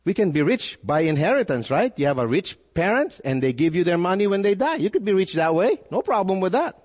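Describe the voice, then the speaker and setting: Preaching briskly, a pastor uses an animated, swooping voice that's a little high for a man, leaping up sharply in pitch and tripping over repeated words to push his point. His words echo with a long reverb, like in a large hall.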